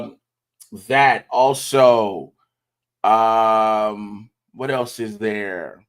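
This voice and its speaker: A man hosting a casual livestream talk show, an animated storyteller who acts out quoted dialogue. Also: fairly low pitch, slow. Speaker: host.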